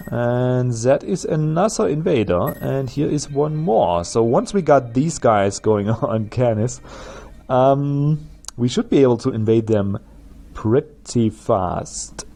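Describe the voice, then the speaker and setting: A man's voice: medium pitch, creaky, dark tone. A man with a German accent, a native German speaker, chatting through gameplay commentary as a let's play host and laughing at his own jokes.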